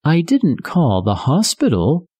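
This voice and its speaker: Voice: medium pitch, wildly swooping pitch, slow, warm tone, slightly rough, dry recording, studio quality, pitched above the performer's own voice, heavily acted. A reader doing a wary sick bird lady. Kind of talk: storybook reading.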